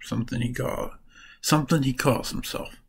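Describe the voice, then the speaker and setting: A man's voice: mid-range voice, fairly even intonation, normal speed, vocal fry, breathy edge, poor audio. A man casually summarizing comic books for his vlog, rambling and correcting himself as he goes. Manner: rambling, restarts and corrects names while summarizing. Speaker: comic book reviewer.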